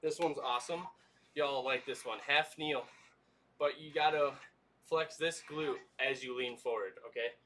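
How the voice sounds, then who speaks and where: Bright-voiced male fitness trainer, laid-back. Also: mid-range voice, unhurried, recorded from a distance, a little hiss or hum. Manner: easygoing, coaching with lots of "y'all" and "okay?". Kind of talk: livestream workout instruction.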